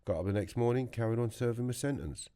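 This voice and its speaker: A man's voice: medium pitch, quick pace, mellow. A middle-aged man with a London accent, telling blunt stories as a guest in a podcast studio. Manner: blunt storytelling, mimics others. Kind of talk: casual chat.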